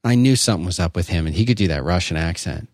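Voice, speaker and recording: A middle-aged man hosting a call-in podcast, chummy and animated, calling people dude. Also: low-pitched, quick pace, no echo. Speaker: podcast host. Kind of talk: casual call-in chat.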